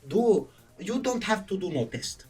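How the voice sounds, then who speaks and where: A woman's voice: medium pitch, sing-song, a little slow, breathy edge, pitched above the performer's own voice, full character voice. A man voicing a kind female chemistry teacher with a thick Middle Eastern accent, reassuring and coaxing, recorded from a distance with faint music behind. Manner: warm, coaxing, calls him Habibi.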